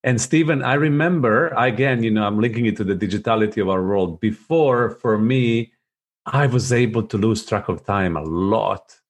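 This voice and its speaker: Male host, lower pitch, enthusiastic, keeps affirming the guest. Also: normal speed. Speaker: interview host. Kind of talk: conversational interview.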